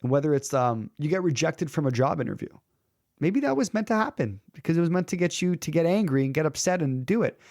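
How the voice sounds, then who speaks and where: Lively male storyteller, dry sound. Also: on the high side, fast, dry recording. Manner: lively storyteller who acts out quoted characters; frequent filler words and restarts. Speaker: public speaking coach. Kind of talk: conversational interview storytelling.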